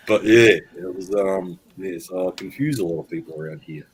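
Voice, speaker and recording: A man's voice: low-pitched, normal speed, husky, low-quality recording. A man with an Australian accent, chatting casually on a live stream and telling easygoing stories, chuckling at himself. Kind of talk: casual chat.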